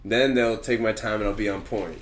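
A man's voice: fairly low pitch, fairly even intonation, brisk, very noisy. Male podcast co-host, loose and profane, tells stories with acted-out quotes, casual chat.

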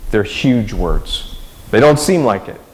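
Speaking slowly and with animation, a man with a fairly low voice preaches in a church sanctuary, where the audio carries a big-room sound. His sermon feels conversational, and he keeps asking his listeners rhetorical questions.

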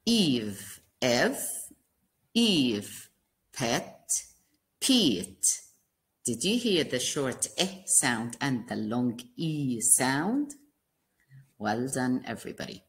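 Low-voiced woman teacher sounding out words super slow for little kids, echoey room. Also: very animated. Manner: slow, sing-song sounding out of letters for small children. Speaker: kindergarten teacher. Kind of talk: classroom phonics lesson.

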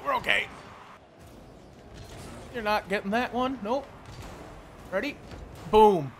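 A young man commentating his own gameplay, frustrated, swearing and yelling at his teammates. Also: high-pitched, slow pace, gravelly, slight background noise. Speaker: gameplay streamer.

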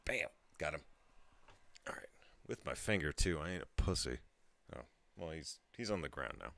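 A man's voice: a bass voice, lively intonation, a little fast, gravelly, fairly bright tone. A tipsy man in his thirties telling a rambling story to his channel, laughing and breaking off mid-sentence. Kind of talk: casual storytelling monologue.

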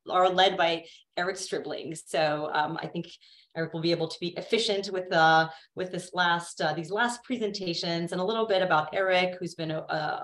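A woman moderating a webinar, introducing presenters with a friendly, filler-laden manner. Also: fairly low pitch.

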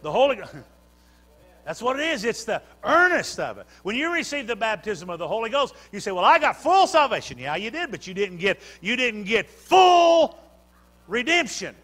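A man's voice: high-pitched, very animated, normal speed, bright, forceful tone. A man preaching a sermon, building fervor through repeated phrases. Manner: preaching with rising fervor and repetition. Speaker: pastor.

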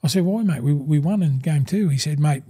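A man's voice: fairly high pitch, fairly quick, mellow, slightly rough. A man in his sixties with an Australian accent, a guest in a casual interview, telling rambling stories, acting out old conversations and calling the host "mate" at every turn. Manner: rambling, calls the host 'mate' constantly, acts out old conversations. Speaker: guest, former rugby league front rower.

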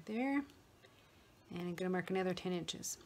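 A middle-aged woman explaining a sewing project step by step in a relaxed manner, talking while she works with her hands. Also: fairly low pitch, moderate pace, a little hiss or hum. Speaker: sewing tutor. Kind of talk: step-by-step craft tutorial.

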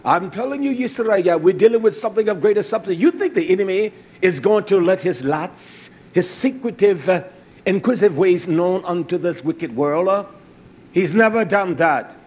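Male preacher, high-pitched, impassioned sermon delivery, drops to murmurs then declaims loudly, peppered with Hebrew words. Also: lively intonation, normal speed, breathy edge. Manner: impassioned, swings from low murmurs to loud declaiming; uses Hebrew terms.

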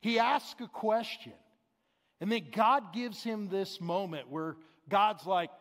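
A man's voice: sits high, takes it slowly, fairly bright tone. A pastor preaching a sermon in a conversational, explanatory way, paraphrasing scripture as he goes. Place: large church sanctuary. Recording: long hall reverb.

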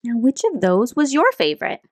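Woman teaching little kids, cheerful and clear, voice jumps around a lot. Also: a little high, noisy background. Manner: cheerful, speaks slowly and clearly to children; soft, calming guided breathing. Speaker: kids activity instructor. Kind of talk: children's lesson.

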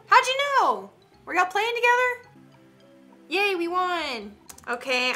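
A young woman with a lilt talks through an online game she streams from home. Her voice is bright and a little high, quick to gasp and giggle as she chats with her fans. Soft game music plays faintly behind her. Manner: excitable, chatty, quick gasps and giggles. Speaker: gaming streamer. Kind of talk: casual gameplay commentary.

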